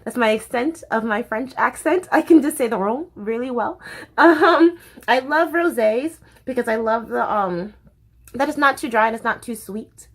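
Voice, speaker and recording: A woman's voice: fairly high pitch, normal speed. A young woman chatting casually to camera as a vlogger, bubbly and chatty, swearing freely.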